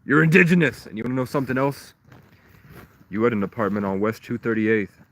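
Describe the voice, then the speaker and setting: A man's voice: lowish voice, fairly quick. A man from Vermont, rambling on a live stream and jumping between wild claims. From Vermont, USA. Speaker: livestreamer.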